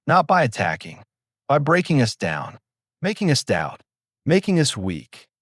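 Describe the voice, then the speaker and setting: A man voicing a tense male sailor, quiet and urgent under strain. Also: medium pitch, very animated, a little slow, dry recording, clean studio sound, pitched above the performer's own voice.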